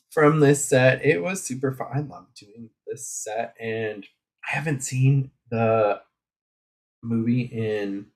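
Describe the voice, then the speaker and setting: Casting male craft streamer, mid-pitched, rambling and chatty, casual live talk. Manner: rambling and chatty, with many fillers and asides.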